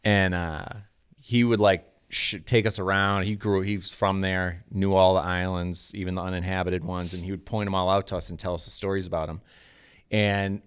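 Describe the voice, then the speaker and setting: A man with a very low, smooth and resonant voice tells a story on a podcast in a loose, animated way, swearing freely as he goes. He sounds like he is in his thirties and chatting among friends. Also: moderate pace. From New England. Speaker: podcast co-host. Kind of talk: casual storytelling.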